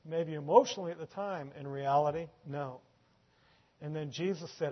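A man's voice: on the high side, normal speed. Emphatic preacher man, dull lo-fi sound. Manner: emphatic, swings from loud peaks to quiet asides; repeats words when building up. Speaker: pastor. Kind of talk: sermon.

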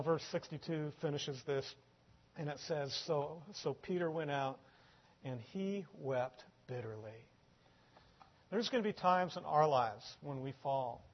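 A man preaching a sermon who swings from loud, emphatic peaks to quiet asides and repeats words as he builds up. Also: on the high side. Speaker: pastor. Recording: dull lo-fi sound.

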